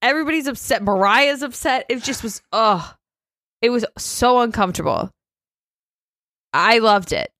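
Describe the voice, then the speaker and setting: A woman's voice: a little high, expressive, normal speed, long pauses, a bit bright, no room sound, clean studio sound. A woman co-hosting a podcast, recapping a reality show in a gossipy, sarcastic way and laughing often. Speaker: podcast co-host. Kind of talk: casual reality TV recap chat.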